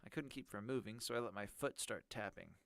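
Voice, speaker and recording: Male audiobook reader; gravelly, expressive, dry close sound. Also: on the low side, a little fast, dry recording. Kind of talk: first-person story narration.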